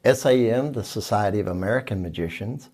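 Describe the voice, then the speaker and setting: A man's voice: on the low side, a little fast, darkish tone. A man co-hosting a casual podcast, explaining things briefly and plainly. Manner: brief, matter-of-fact explanations. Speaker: podcast co-host. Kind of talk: casual chat.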